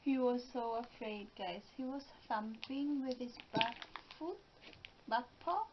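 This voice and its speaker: A middle-aged woman chats slowly and giggles through a home vlog, her voice sitting high. The recording is dull and lo-fi, with a faint hiss underneath. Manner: chatty, giggly, talks slowly. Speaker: vlogger, mother of the co-host. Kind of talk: casual home vlog chat. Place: home room. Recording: dull lo-fi home video sound with faint noise.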